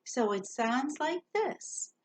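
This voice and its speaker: High-voiced woman slowly teaching a song. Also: big pitch swings. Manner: slow, patient, sings lines then talks through them. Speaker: Sunday school song leader. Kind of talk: teaching a children's song by echo. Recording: dull lo-fi sound with loud ukulele.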